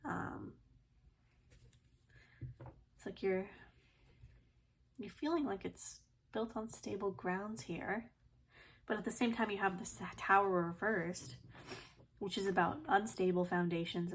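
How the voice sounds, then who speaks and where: A woman's voice: mid-range voice, slow pace, long pauses. Chatty woman reading tarot cards. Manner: chatty, relaxed, many fillers and soft laughs. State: itchy throat, sneezing. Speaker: tarot reader. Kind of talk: casual tarot reading to camera.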